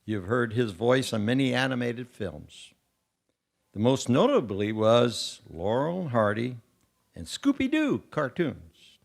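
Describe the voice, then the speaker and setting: A man acting as emcee, giving a formal introduction in a slow, announcing way. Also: medium pitch, sing-song, creaky.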